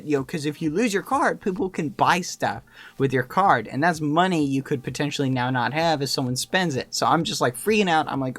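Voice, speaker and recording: Man, casual storyteller, slightly high voice, chatty filler-heavy delivery. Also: fairly quick, no echo. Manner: animated, lots of "like" and "you know" fillers. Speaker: YouTuber telling a story.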